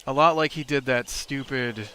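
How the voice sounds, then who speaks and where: Bright-voiced man rambling over gameplay. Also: medium pitch, moderate pace, clear, resonant tone. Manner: rambling, storytelling between game remarks. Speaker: let's play host. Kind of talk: casual gameplay commentary.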